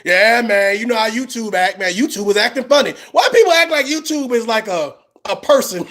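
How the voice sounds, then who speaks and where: A man's voice: high voice, expressive, a little fast, a bit bright. Mocking, laughing male reaction commentator. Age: middle-aged. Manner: mocking, laughs a lot, slangy.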